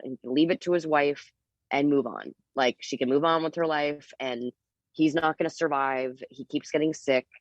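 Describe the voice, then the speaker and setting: A woman with a notably low voice tells her story casually and candidly, filling her sentences with "like" and "um." The sound is close and dry, with no room around it. The audio is a bit dull and muffled. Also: dry recording. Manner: animated, candid, with frequent fillers. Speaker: interview guest.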